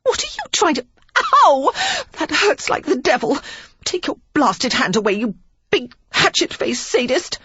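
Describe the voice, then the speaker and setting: A quick-tempered young lady from a storybook, pitched up high and swooping through her indignant retorts, as a woman narrator puts her on. The sound is dull and lo-fi. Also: huge pitch swings, no room sound, heavily acted. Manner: indignant, sharp-tongued retorts.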